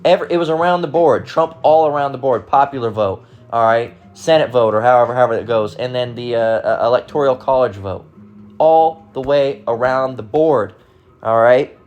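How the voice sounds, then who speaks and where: A man's voice: mid-range voice, normal speed, a little mellow, muffled recording, soft background music. A man giving casual, rambling commentary on online comments, talking bluntly and profanely with frequent restarts.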